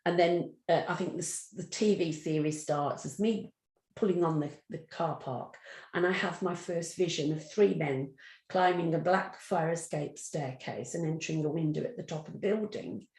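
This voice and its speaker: A woman's voice: low-pitched, moderate pace, a little mellow. A middle-aged woman, telling stories as a guest in an interview and acting out the voices in her anecdotes. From English Midlands. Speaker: guest psychic medium. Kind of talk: storytelling in an interview. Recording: roomy echo.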